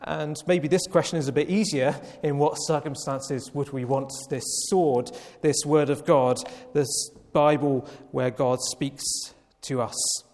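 A man preaching a Sunday evening sermon, slow and emphatic, with long pauses. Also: on the high side, steady tone, darkish tone. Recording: long reverb of a church hall.

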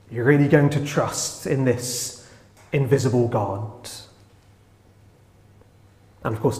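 Joking preacher in an echoey hall. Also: male voice, on the high side. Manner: light jokes, earnest and reflective. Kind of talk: sermon. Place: church. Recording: echoey church hall, long reverb.

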